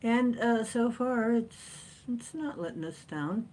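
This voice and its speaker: A woman hosting a casual livestream chat from home, rambling and chatty with frequent laughs and playful jumps in pitch. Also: takes it slowly, a little mellow, a little hiss or hum. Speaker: livestream host. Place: at home, sitting in a chair with a cat.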